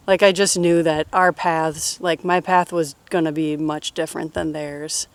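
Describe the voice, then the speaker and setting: A woman in her thirties answering personal questions in a relaxed, rambling way, full of fillers and laughs. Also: on the low side. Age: 30s. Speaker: interviewee. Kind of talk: casual personal Q&A.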